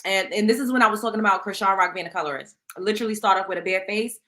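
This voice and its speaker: Speaking very fast in a bright, forceful mid-range voice, a New York-accented woman runs a casual livestream. She reads chat questions out loud and responds bluntly, swearing a lot.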